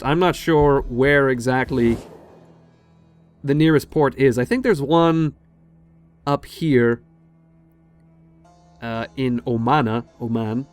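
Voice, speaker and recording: Man hosting a strategy-game let's play, middling pitch, chatty and digressive, faint music behind. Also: a little slow, long pauses, clean tone. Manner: chatty, digressive, swears casually. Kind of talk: casual gameplay commentary.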